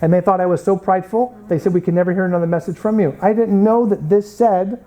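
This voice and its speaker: Mellow-voiced American man teaching a class. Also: high-pitched, steady tone, fast talker, low-quality recording. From United States. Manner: storytelling, acts out quoted people. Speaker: Bible college instructor. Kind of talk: classroom lecture with anecdotes.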